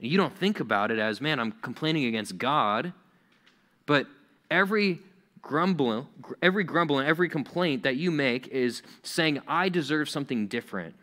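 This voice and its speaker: A young adult man preaching a youth sermon, animated and acting out quoted voices. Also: medium pitch, moderate pace. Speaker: youth pastor.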